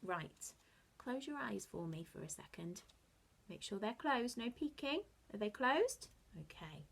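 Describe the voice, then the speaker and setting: Slow, sing-song woman teacher. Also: mid-range voice, very animated, slightly rough. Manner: slow, sing-song and encouraging, with sudden soft asides. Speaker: early-years teacher. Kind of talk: phonics lesson for young children.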